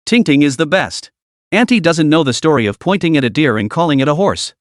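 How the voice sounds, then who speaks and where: A man's voice: on the high side, lively intonation, a little fast, no room sound, studio quality, natural voice. A man voicing a frank, kind young female psychologist in a comic recap. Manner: frank, gentle.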